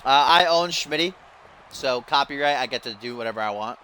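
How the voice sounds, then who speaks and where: A young man doing excited, exasperated play-by-play commentary while playing a wrestling video game, laughing at the mistakes. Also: mid-range voice, a little fast, a little hiss or hum. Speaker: gaming YouTuber.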